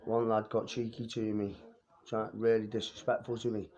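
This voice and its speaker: A man's voice: lowish voice, monotone, moderate pace, a little mellow. Bragging, streetwise young man. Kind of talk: boastful fight-story vlog.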